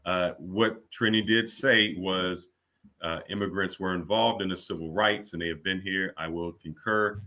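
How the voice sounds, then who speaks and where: Deep, bright-toned man explaining calmly. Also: normal speed.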